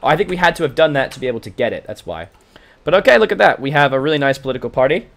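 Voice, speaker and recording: A man's voice: mid-range voice, very animated, very fast, vocal fry, fairly bright tone. A man with a mixed British and American accent, hosting a let's-play recorded from a livestream. He reads in-game event text aloud and chats casually with his viewers. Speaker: gaming channel host.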